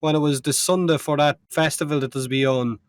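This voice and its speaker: A man's voice: on the high side, steady tone, no echo, studio quality. A man with an Irish accent telling stories and joking in a casual podcast chat among friends. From Ireland. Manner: storytelling, joking, quick asides. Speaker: podcast co-host.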